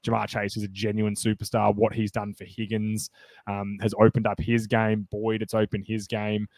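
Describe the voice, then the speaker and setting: A man co-hosting a sports podcast, chatting casually and getting excited, rambling with many fillers and restarts. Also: lowish voice, normal speed, no room sound. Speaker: podcast co-host.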